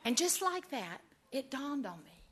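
A woman speaking to an audience, giving a humorous faith testimony as an animated storyteller who laughs often. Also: high voice, unhurried, a little hiss or hum. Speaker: women's ministry speaker.

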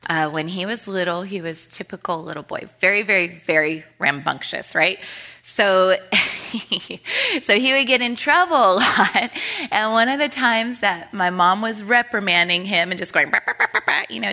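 A woman's voice: medium pitch, sharp tone. A woman in her thirties teaching a women's Bible study, chatty and storytelling, often laughing.

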